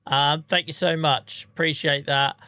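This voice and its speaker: A man chatting on a live gameplay stream, excitable and grateful as he thanks his viewers. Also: on the high side, unhurried, no room sound. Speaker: livestreamer. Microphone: streaming microphone.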